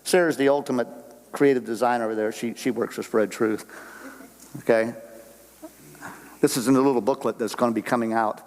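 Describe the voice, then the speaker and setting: A man's voice: mid-range voice, fairly even intonation, a little fast, pauses often, darkish tone, in a large hall, rough recording. An older man preaching a sermon to a church congregation in a folksy, conversational way, full of rhetorical questions. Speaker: guest speaker on missions. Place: church sanctuary.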